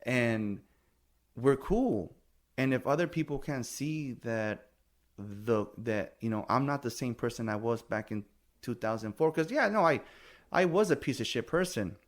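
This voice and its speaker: A man's voice: medium pitch, animated, unhurried. A middle-aged man hosting a podcast, venting in casual chat, blunt and heated, swearing freely and getting defensive. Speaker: podcast host.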